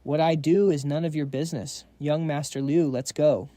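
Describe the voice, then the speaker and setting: A man's voice: a little high, steady tone, moderate pace, dark tone, no echo, lightly acted. A man voicing an arrogant, scheming young rich heir who blusters and makes threats in a recap story. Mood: blustering.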